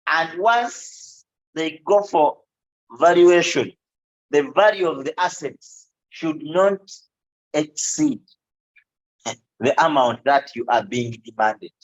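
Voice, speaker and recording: A man's voice: a little high, expressive. A man giving a law lecture to students, checking in often with "okay" and joking asides. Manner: explains slowly, with frequent "okay?" checks and asides. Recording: dull, lo-fi classroom recording.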